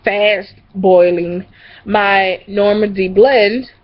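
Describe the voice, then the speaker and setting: A woman's voice: medium pitch, fairly even intonation, drawn-out words. A young woman telling a casual story to her camera, rambling and profane, with lots of fillers. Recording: dull lo-fi recording.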